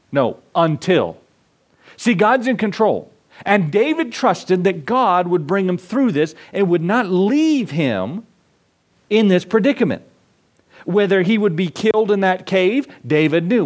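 A man's voice: sits high, very animated, a little slow, long pauses. Preaching man with sweeping emphasis. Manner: preacherly, rising and falling emphasis; repetitive emphatic lists. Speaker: pastor. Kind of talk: sermon.

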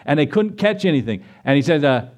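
A middle-aged pastor giving a sermon, climbing to a high, urgent pitch as he presses his points and briefly acts out the voices of biblical figures. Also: big pitch swings, a little fast.

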